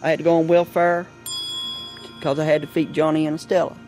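A woman, chatting plainly and warmly at home in an interview. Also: low-pitched, little pitch movement, fairly quick, soft background music. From West Virginia. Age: 50s. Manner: homely, folksy, plain-spoken. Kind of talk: casual chat at home.

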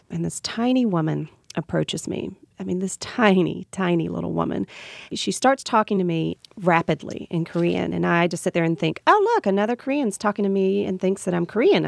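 A woman with a Southern US accent, a radio guest telling a heartfelt personal story. Her voice is gravelly with heavy vocal fry and sits a little low. The sound is close and dry. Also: no echo. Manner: earnest and reflective, laughs through emotional moments.

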